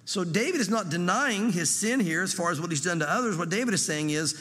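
A man's voice: high-pitched, animated, fairly quick, hardly any pauses, fairly bright tone, long reverb tail. A man preaching an earnest sermon, acting out the prayers he quotes. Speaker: pastor.

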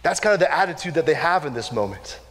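A man preaching a conversational sermon, casual and animated, often repeating and restarting words as he acts out quoted lines. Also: on the high side, quick pace. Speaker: pastor. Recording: long reverb of a large hall.

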